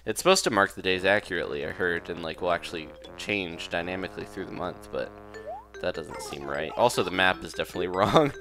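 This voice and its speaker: A man's voice: deep voice, fast talker, over music. A young man giving casual, rambling commentary while playing a game, laughing often and second-guessing himself. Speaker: let's play host.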